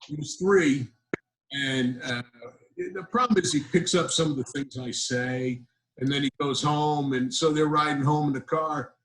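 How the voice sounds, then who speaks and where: An older man, a grandfather, doing a stand-up set over a video call in a dry, deadpan storytelling manner. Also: on the high side, measured pace, low-quality recording. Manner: deadpan storyteller with self-deprecating asides. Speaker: comedian.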